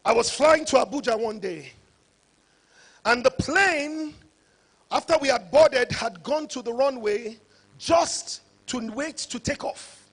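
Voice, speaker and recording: Man, conference speaker; high and husky, emphatic preacher-like delivery. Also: expressive, slow. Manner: preacher-like, rising to shouts for emphasis. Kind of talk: motivational conference talk.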